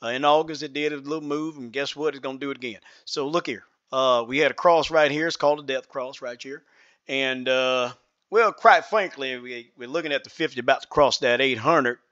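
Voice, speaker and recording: A man's voice: mid-range voice, fairly quick, a bit bright, no room sound, highs cut off, lightly acted. A man voicing a folksy, self-assured Southern market trader, with a put-on Southern US accent and a drawling way of talking. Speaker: trading analyst. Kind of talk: chart analysis in character.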